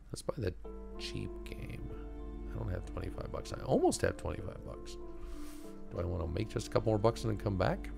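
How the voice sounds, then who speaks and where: A man's voice: low-pitched, vocal fry. A man casually talking to himself while playing a video game, muttering wry asides and reading choices aloud. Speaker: gamer streaming a playthrough. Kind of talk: casual let's-play commentary.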